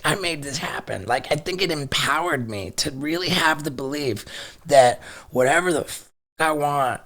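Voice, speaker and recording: Excitable, bright-voiced middle-aged man. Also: fairly high pitch. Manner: excitable, swears freely, repeats words. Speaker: podcast guest. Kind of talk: casual storytelling.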